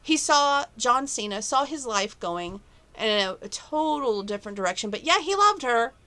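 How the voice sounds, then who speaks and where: A woman's voice: fairly high pitch, very animated, moderate pace, sharp tone. A woman chatting to camera from her bedroom at home, rambling and opinionated about relationships and her plans. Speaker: vlogger. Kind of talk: casual chat to camera.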